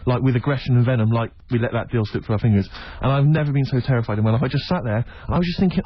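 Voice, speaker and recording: Man, quick-fire radio storyteller, slightly husky, close dry sound, dull lo-fi radio recording. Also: medium pitch, no echo. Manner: rapid, animated storytelling, acting out other people's lines. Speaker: radio co-host. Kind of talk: casual radio chat, telling an anecdote.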